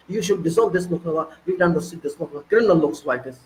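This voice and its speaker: A man's voice: on the high side, fast, few pauses, a little hiss or hum, poor audio. A man with an Indian accent delivering an impassioned, ranting political monologue with heavy repetition. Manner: excitable, ranting, repetitive emphasis. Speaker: political commentator.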